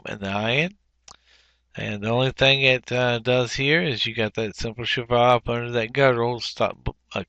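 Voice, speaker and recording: A man with a bright, clear voice walks through workbook exercises one by one, pausing on fillers and correcting himself as he goes. He is recorded close up on a dry mic with no room sound. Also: medium pitch, no echo, dull audio. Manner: unhurried, explanatory, frequent fillers and self-corrections. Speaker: teacher. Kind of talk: workbook walkthrough lesson.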